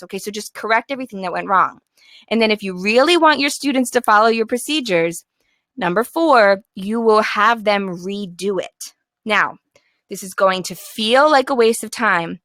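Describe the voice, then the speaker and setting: Upbeat and encouraging, this young teacher trainer has a bright tone and a mid-range voice, sometimes switching into her classroom voice as she coaches teachers. The recording is close and dry, with no room sound at all.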